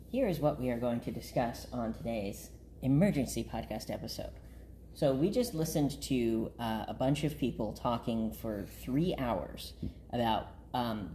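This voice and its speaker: A podcast host chats casually, giving a playful, grandiose self-introduction with plenty of "uh" fillers. His voice is medium-pitched and dark in tone, with a little hiss or hum.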